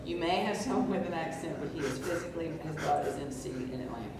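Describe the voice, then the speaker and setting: A woman with a low voice speaks conversationally and laughs easily. She is picked up from a distance in a very echoey room. Noise is clearly heard behind her. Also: expressive, very fast. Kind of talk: conference talk.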